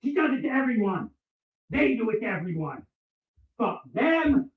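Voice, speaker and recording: A man delivering a furious, profane ranting monologue and often shouting. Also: very high voice, sing-song, normal speed, long pauses. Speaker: vlogger. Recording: echoey, distant, dull sound.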